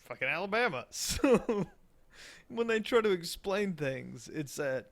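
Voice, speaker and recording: A man's voice: high-pitched, big pitch swings, unhurried. A man with a Southern American accent, co-hosting a casual podcast chat, crude and joking. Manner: crude, joking, slips into mock voices. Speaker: podcast co-host.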